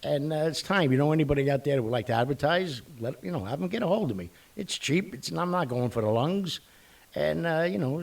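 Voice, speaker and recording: A man's voice: mid-range voice, breathy edge, distant mic. A man hosting his online show, rambling bluntly with mild curses. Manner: animated, blunt, mildly profane, rambling. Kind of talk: casual rambling monologue.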